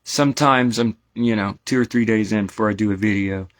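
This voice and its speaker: A man's voice: fairly low pitch, fairly even intonation, fairly quick. An American man teaching esoteric lore in a casual spoken lecture, rambling with many asides and asking "right?" to his listeners.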